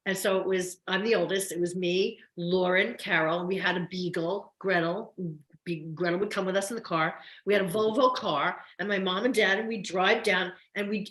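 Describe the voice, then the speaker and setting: Woman, older, New York–New Jersey accent, fast chatty storyteller, roomy echo. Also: mid-range voice, a bit bright. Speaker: guest, soap opera actress. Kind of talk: casual interview chat.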